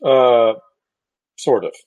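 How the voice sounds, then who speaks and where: A man's voice: mid-range voice, expressive, very slow, a little mellow, clean tone, no room sound, low-quality recording. A man on a podcast panel, asking clarifying questions in casual chat. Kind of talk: casual tabletop wargame chat.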